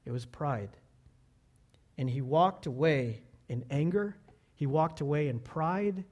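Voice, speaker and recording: A man preaching a sermon as a pastor, telling a story and asking the congregation questions, swinging between loud exclamations and quiet low asides. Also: slow.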